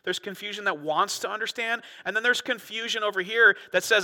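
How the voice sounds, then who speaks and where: An earnest male pastor preaches in a conversational way, often circling back and repeating himself. His voice sits fairly high and sounds bright and sharp. Long reverb trails after him through a large church hall. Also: steady tone, fairly quick. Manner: earnest, conversational, frequent restarts and repetitions. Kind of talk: sermon.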